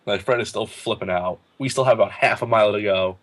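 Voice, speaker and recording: Teen male guest with a somewhat low voice, spinning an animated story with laughs. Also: fast talker. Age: late teens. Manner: animated, laughing, acts out quotes in a higher voice. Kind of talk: casual storytelling.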